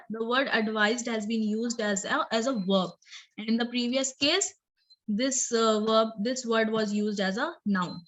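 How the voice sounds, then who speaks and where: A woman's voice: a little high, a bit bright, rough recording. A woman teacher explaining English grammar in a recorded lesson, repeating and rephrasing points and checking in with "okay" and "right".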